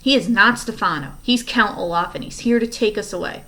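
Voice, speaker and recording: A woman's voice: mid-range voice, a little fast, bright, forceful tone, lightly acted. A woman reading aloud, voicing a determined teenage girl who speaks firmly.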